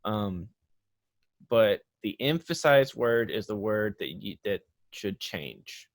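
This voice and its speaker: Low-voiced man hosting, dry close sound. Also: slow, dry recording. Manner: rambling, restarts often, animated when making a point. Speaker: podcast host. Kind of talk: casual podcast chat.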